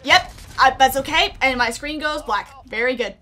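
A woman streamer giving excitable, chatty commentary over her own gameplay, often gasping and exclaiming. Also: high voice, moderate pace, a little hiss or hum. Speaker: gaming streamer. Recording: game music and gunfire behind.

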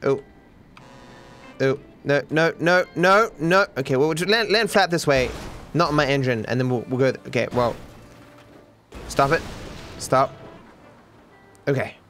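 A young man from Australia giving excitable, animated gameplay commentary, with frequent swearing. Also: mid-range voice, a little slow, long pauses, soft background music. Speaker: gaming streamer.

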